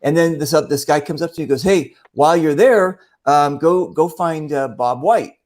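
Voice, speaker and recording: A man with a slightly high voice hosts a relaxed online show. He tells long stories in a meandering way, full of fillers and restarts, and slips into other people's voices as he goes. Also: moderate pace. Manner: rambling, many fillers, acts out voices in anecdotes. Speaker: show host. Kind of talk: casual storytelling chat.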